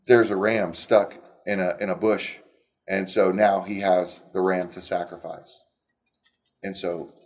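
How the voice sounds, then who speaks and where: A middle-aged man retelling Bible stories in an animated, conversational way, with frequent restarts. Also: fairly low pitch. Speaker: Bible teacher. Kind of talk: casual Bible storytelling.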